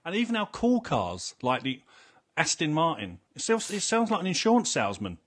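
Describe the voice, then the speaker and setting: A man from England in casual conversation, telling dry jokes and animated stories. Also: a little high, normal speed. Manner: dry, joking, animated storytelling. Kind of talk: casual chat.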